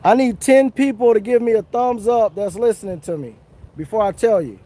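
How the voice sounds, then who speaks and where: A man's voice: high-pitched, fairly quick, mellow. A man chatting casually and earnestly to viewers on an outdoor fishing livestream. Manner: chatty, repetitive, earnest, chuckling. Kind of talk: casual live-stream chat. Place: outdoors under a tree.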